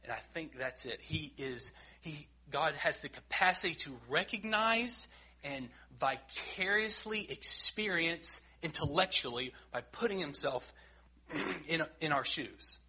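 A man preaching a sermon in an earnest, emphatic way, rising loud and dropping quiet. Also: on the high side, measured pace, slightly rough.

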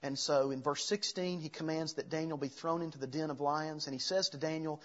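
A man's voice: on the high side, steady tone, fairly quick, a bit bright, highs cut off. A man preaching a sermon, earnest, reading scripture aloud between his own explanations. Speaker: pastor.

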